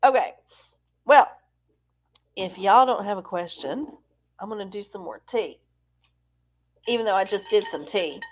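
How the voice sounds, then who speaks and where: A woman hosting a live stream chats casually with her viewers, rambling, self-deprecating and laughing often. Her voice is mid-range, a little slow, with frequent pauses.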